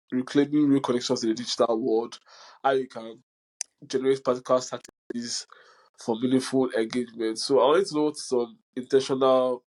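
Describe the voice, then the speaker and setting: Man, podcast host, casual chat, mid-pitched voice, lively storyteller who laughs a lot. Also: low-quality recording. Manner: animated storyteller, laughs often.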